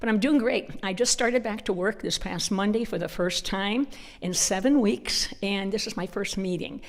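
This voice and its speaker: A woman's voice: medium pitch, normal speed. A middle-aged woman speaking at a church conference, telling humorous stories and acting out the voices in her dialogue. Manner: animated storyteller acting out dialogue. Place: church hall. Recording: long hall reverb.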